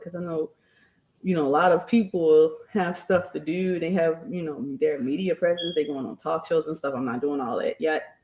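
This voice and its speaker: A woman's voice: fairly low pitch, darkish tone. A young adult woman, chatting casually on a live stream, laughing often and raising her voice when quoting herself. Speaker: streamer and channel host.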